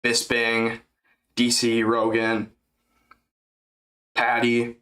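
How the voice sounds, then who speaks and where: A man's voice: medium pitch, normal speed, a bit bright. Joking young man streaming fights. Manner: joking, crude, rambling. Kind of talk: live fight-companion chat.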